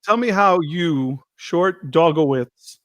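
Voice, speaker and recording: Man, host, casual storytelling, a bit high, dry sound. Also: slow, no room sound. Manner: storytelling, animated, profane. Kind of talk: casual live-stream chat.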